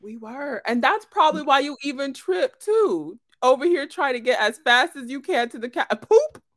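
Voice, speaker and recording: A young woman chatting casually with her best friend, teasing and blunt, with loud animated bursts. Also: sits high, moderate pace. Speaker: podcast guest, best friend. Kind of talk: casual chat.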